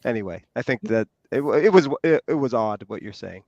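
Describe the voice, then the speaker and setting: A man's voice: mid-range voice, animated, a little fast, a little mellow, no room sound, lo-fi sound. A man co-hosting a casual livestream chat, chatty and prone to going off on tangents.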